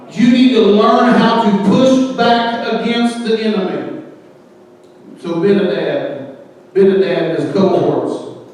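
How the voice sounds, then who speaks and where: High-voiced male preacher in an echoey hall. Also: a little mellow. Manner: impassioned, rising into sing-song cadences. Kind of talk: sermon. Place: church sanctuary. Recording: echoey hall, distant mic.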